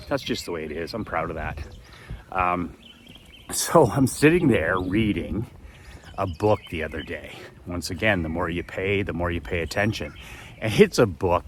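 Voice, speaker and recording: Deep-voiced folksy Canadian man. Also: a bit bright, a little hiss or hum. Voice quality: folksy, blue-collar manner with repetitive emphasis. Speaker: business author and speaker. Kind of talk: casual storytelling monologue. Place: outdoors by a garage in a gated community.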